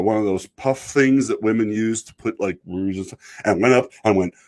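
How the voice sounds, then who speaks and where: Rambling low-voiced man from Idaho. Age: adult, married. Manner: rambling, self-interrupting, joking. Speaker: show host reading chat. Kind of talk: casual chat.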